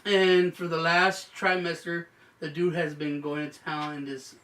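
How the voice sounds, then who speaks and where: A man's voice: a little high, flat delivery, measured pace, fairly bright tone, distant mic. A man hosting a casual podcast, telling a story full of swearing and acting out what people said. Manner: profane storyteller, acts out quotes. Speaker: podcast host. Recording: roomy, off-mic with faint hum.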